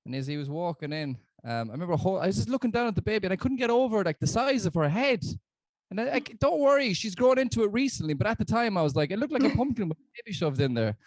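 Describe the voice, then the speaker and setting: Irish male comic, deadpan stand-up delivery, close dry sound. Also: high-pitched, fast talker, dry recording. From Ireland. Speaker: stand-up comedian. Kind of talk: stand-up set.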